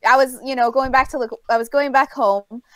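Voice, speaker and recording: A woman's voice: sits high, fairly even intonation, brisk, a bit bright, dry recording. A woman with a New York accent, telling a story in a casual chat as co-host, rambling with lots of fillers.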